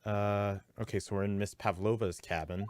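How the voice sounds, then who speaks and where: A man's voice: fairly low pitch, fairly even intonation, normal speed, darkish tone, slight background noise. A man hosting a let's-play, giving rambling, self-deprecating commentary. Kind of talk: casual gameplay commentary.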